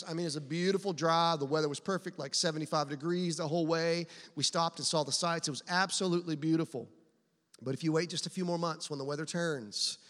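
A man preaching a sermon, telling personal stories in an animated, conversational way. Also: a little high. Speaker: pastor. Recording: long reverb of a large hall.

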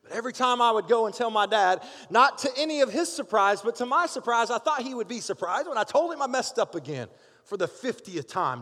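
A middle-aged man with a notably high voice delivers a conversational sermon, checking in with the congregation as he goes. His words trail off into the long reverb of a large church sanctuary. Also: a little fast. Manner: lively and conversational, asks the crowd for amens. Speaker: pastor.

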